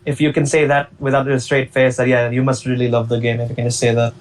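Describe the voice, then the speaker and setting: Give me a relaxed man interviewing his co-host casually. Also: medium pitch, fast talker, a little hiss or hum. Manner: relaxed, asks questions, teasing. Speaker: podcast co-host. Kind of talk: casual chat.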